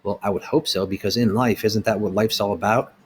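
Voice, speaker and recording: Middle-aged man, low voice, blunt small-business owner ranting to camera, faint background hiss. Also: steady tone, a little fast. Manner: blunt and heated, asking rhetorical questions. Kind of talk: opinion rant to camera.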